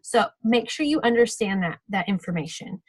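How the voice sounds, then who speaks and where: A woman's voice: mid-range voice, expressive, moderate pace, husky, dry recording, low-quality recording. A woman giving a casual, practical training talk on a video call, chatty and full of fillers and self-corrections. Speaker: sales team trainer.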